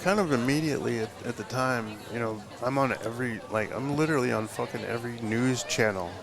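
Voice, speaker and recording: Speaking briskly in a creaky, medium-range voice, this tattoo artist spins a lengthy, meandering tale for a live podcast, peppered with profanity and filler words. It's recorded at a tattoo convention, where a noisy crowd chatters loudly in the background.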